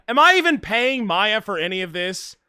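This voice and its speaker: A man's voice: high voice, sing-song, normal speed, sharp tone, clean tone, no echo. A man streaming a game, reading the lines in a dry, sarcastic way. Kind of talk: reading game dialogue aloud.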